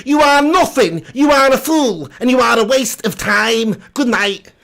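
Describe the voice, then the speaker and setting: A man doing an impression of a scornful man delivering slow, emphatic insults. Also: very high-pitched, lively intonation, pushed and bright, voice pushed up, exaggerated voice.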